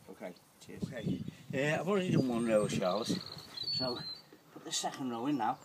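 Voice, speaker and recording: An animated, fairly quick older man with a mid-range voice narrates his gardening, rambling and restarting in simple words. Someone films him on a camera, and the clip carries background noise, loud outdoor ambience, and birds singing.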